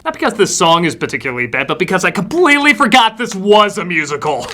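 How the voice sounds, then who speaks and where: A man's voice: high-pitched, big pitch swings, fast, sharp tone. A man giving a scripted comedic film review with a sarcastic, wry delivery. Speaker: film critic.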